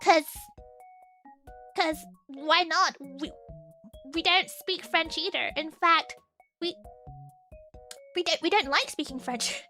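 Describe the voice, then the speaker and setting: Very high-pitched giggly English woman. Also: animated, measured pace, long pauses, bright, forceful tone, faint music behind. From England. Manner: giggly, bubbly, rambling with many fillers. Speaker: streamer. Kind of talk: casual chat.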